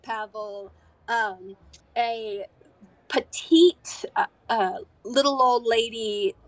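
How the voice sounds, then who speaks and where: A woman game master narrating a tabletop game at a slow, unhurried pace. She halts often, with fillers and restarts. Her voice sits a little high and sounds dry and close. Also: dry recording. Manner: halting, many fillers and restarts.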